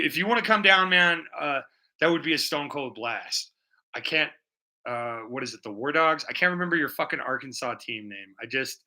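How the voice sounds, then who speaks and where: Bright-voiced profane man rambling. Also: fairly high pitch. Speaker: livestream art host. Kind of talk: casual chat while painting. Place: home studio.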